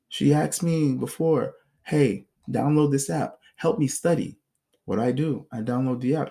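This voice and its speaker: Man, podcast host, casual storytelling monologue, blunt, profane, animated. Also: medium pitch, vocal fry. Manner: blunt, profane, animated retelling with acted quotes.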